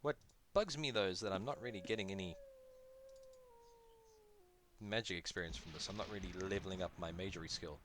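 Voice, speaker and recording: A man's voice: low-pitched, brisk, long pauses, a bit bright, a little hiss or hum. A man chatting casually through his gameplay, joking at himself and talking to the creatures he fights. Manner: chatty, self-deprecating, talks to the game's creatures. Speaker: gaming video host.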